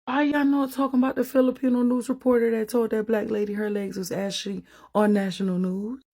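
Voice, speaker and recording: A woman's voice: a little high, little pitch movement, brisk, mellow. A woman giving casual reaction commentary, sounding exasperated and drawn out.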